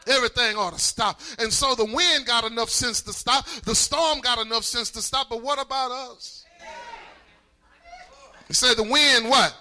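A man preaching, his voice pitched very high for a man and strikingly bright and piercing. He rolls into a sing-song chant and shouts out calls to the congregation. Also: normal speed. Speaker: pastor. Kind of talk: sermon.

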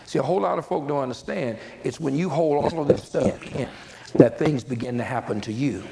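A man's voice: mid-range voice, fairly quick, vocal fry, warm tone, slight background noise, poor audio. A man preaching a sermon as a pastor, talking conversationally with repeated words and folksy asides to the congregation.

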